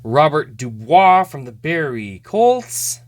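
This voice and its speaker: A man's voice: fairly high pitch, sing-song, slow pace. A man hosting a casual card-opening show, chatting, laughing often and stumbling over names. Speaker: host.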